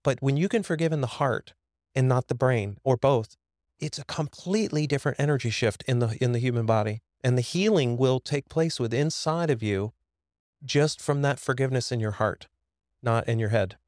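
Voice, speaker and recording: A man's voice: medium pitch, moderate pace, a little mellow, no room sound. A man in his fifties tells a personal story as a podcast guest. He is earnest and emphatic, often repeating words when he gets going. His voice sits mid-range and sounds dry and close to the mic.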